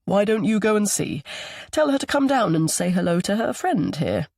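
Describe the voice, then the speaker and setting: A man performs a kind, regretful older grandfather, speaking gently and politely in a heavily acted voice pitched above his own. It is high, with big pitch swings, at a moderate pace. The studio sound is clean, with no room sound, and the mood is gentle.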